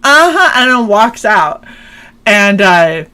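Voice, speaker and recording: A woman's voice: mid-range voice, sing-song, takes it slowly, pushed and bright, clean tone. A young adult woman co-hosting a stream, telling a story casually, swearing and laughing often. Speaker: stream co-host.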